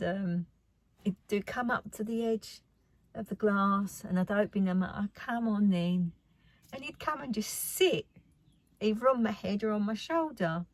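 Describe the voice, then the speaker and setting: A woman's voice: mid-range voice, dry recording. A woman chatting casually about her craft haul. She rambles and often drops to a near whisper. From United Kingdom. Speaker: craft vlogger.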